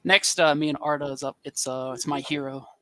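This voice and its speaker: A man co-hosting a casual podcast, talking hesitantly with many pauses and restarts. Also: a little high, fairly even intonation, a crowd in the background. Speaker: podcast co-host. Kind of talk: casual chat.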